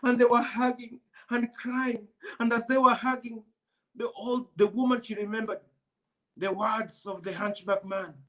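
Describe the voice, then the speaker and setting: Slow, repetitive male storyteller. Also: very high-pitched, flat delivery, bright, forceful tone. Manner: repetitive, call-and-response delivery. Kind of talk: storytelling for an audience.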